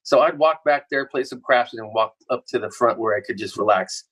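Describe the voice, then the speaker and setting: A musician in his fifties, a guest on a podcast, calmly recalls old shows in a casual chat. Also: medium pitch, brisk, husky. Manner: relaxed, reminiscing.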